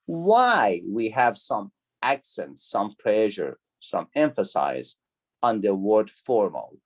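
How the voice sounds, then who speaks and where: A man's voice: fairly low pitch, big pitch swings, takes it slowly. A man teaching an online university class. He repeats key words, asks the students questions, and speaks with non-native phrasing. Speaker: university lecturer. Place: video call.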